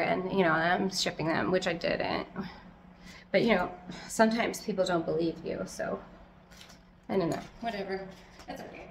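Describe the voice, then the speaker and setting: A young adult woman casually chatting through a tour of her houseplants at home, rambling and self-deprecating, talking loudly. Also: mid-range voice, a little hiss or hum. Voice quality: loud, yelling from audio trouble. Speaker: plant collector vlogger. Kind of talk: casual plant tour chat.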